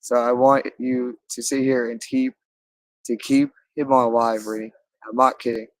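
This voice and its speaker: A man speaking in a rambling, halting monologue, repeating phrases again and again. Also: mid-range voice, little pitch movement, no echo, low-quality recording. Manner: halting, with frequent restarts.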